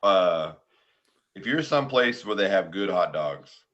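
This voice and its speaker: A man's voice: low voice, expressive, unhurried, fairly bright tone, lo-fi sound. A man from the US Pacific Northwest co-hosting a sports podcast, joking and rambling through casual questions. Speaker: podcast co-host. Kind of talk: casual chat.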